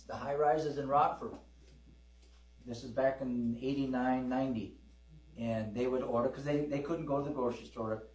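During a church service, a middle-aged man preaches in a conversational style, acting out dialogue in his stories and prompting amens. His voice is medium in pitch with a darkish tone, and the recording sounds roomy and distant.

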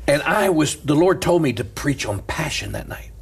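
A man who is a pastor, telling stories in an animated casual chat and laughing through them. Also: a little high, moderate pace, breathy edge.

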